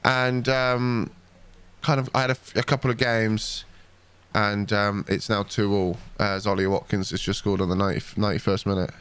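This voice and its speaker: A man's voice: lowish voice, flat delivery, moderate pace, a bit bright, clean tone. A man hosting a podcast, telling rambling, sweary anecdotes in casual chat.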